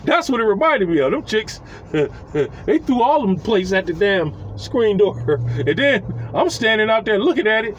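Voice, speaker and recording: A man telling a casual, profane story, animated and chuckling as he acts out what people said. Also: sits high, measured pace, slight background noise, low-quality recording.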